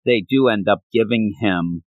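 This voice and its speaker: Excitable rambling man, dry sound. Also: on the low side, moderate pace, no echo, phone-quality sound. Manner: excited, rambling, many restarts. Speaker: podcast co-host. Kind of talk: casual chat about comics.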